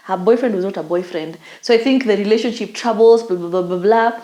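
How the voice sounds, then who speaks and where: A woman's voice: medium pitch, fairly quick, mellow. A young Kenyan woman co-hosting a podcast, telling a story in casual chat with Swahili slang. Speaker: podcast co-host. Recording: echoey room.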